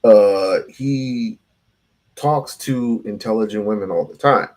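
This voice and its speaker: A man's voice: fairly low pitch, takes it slowly, a little mellow. A man hosting a casual reaction show, blunt, profane and sarcastic. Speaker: show host.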